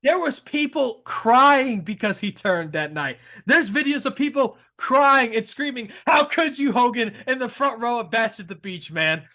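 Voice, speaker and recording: Excitable man gushing with a bright voice. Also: very high voice. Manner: excitable, gushing, quick to laugh. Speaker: co-host. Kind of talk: casual wrestling talk.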